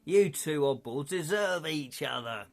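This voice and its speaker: A man's voice: on the high side, animated, a little slow, creaky. A man voicing a shifty, mocking male tavern goon in a put-on rustic English accent, with a sneering drawl. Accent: mock rustic English.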